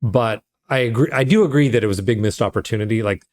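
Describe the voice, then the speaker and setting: A man co-hosting a podcast, talking about a film in a measured, dry and wry way. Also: lowish voice, darkish tone. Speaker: podcast co-host. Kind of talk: casual film discussion.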